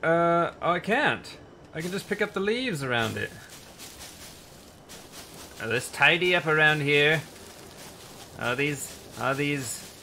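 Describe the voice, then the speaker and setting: A man commentating a survival building game as he plays, excitable and quick to yelp in panic or laugh at mishaps. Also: on the high side, slight background noise. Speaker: gaming channel host. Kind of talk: let's play commentary.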